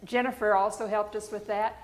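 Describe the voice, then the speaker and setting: A woman's voice: mid-range voice, steady tone, crowd noise. Woman hosting a webinar with thankful closing words. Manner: warm, thankful, halting with fillers. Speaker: webinar host.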